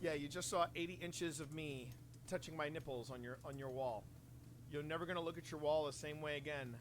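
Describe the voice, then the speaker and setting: A man hosting a live stream in casual chat with viewers, excitable and quick to laugh and shout. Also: a little high, music in the background. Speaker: livestream host.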